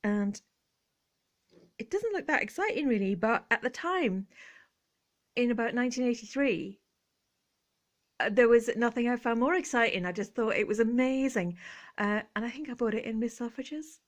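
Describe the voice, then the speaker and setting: A woman in her fifties with an English accent, chatting in a relaxed vlog from a room in her home, jokey and self-mocking with frequent giggles. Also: on the high side, moderate pace, long pauses. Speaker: vintage collector vlogger. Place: cosy room at home, indoors.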